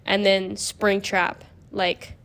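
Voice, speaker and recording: A woman's voice: medium pitch, little pitch movement, takes it slowly, a bit bright. A young woman hosting a podcast, explaining in a rambling, casual way full of "like". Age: young adult. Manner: rambling, peppered with 'like'. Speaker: podcast host. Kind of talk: casual chat.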